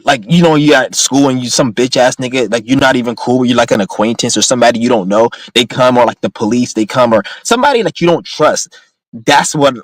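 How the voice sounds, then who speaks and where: A man's voice: mid-range voice, no echo, poor audio. A young man in a casual, profane, rambling rant, speaking bluntly to his viewers. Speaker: vlogger.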